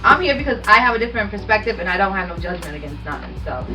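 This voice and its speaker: A woman co-hosting a casual podcast, playful and quick with her answers. She talks fast in a bright, forward voice. She sits a bit away from the mic, with faint music behind her. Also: mid-range voice, very animated, far from the mic. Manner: playful, quick back-and-forth, laughs. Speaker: guest co-host. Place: studio room with a small audience.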